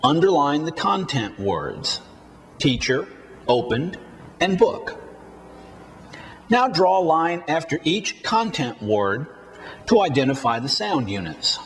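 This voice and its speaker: A man whose voice is on the high side and fairly bright teaches a recorded English speaking lesson. He delivers each model sentence slowly and carefully for students to echo back.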